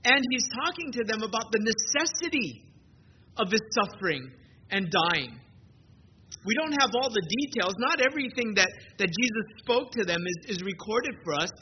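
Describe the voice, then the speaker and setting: A man with a high voice preaches an earnest sermon at a church service, leaning on key phrases with slow emphasis. The recording is dull and lo-fi with a clear hiss underneath. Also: expressive. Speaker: pastor.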